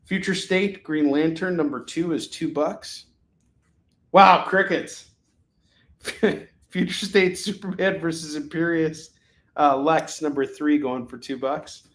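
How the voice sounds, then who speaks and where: A man hosting a live comic sales show, calling prices and boasting jokingly about his pitches. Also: a bit bright, roomy sound. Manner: boastful, joking, rapid item calls.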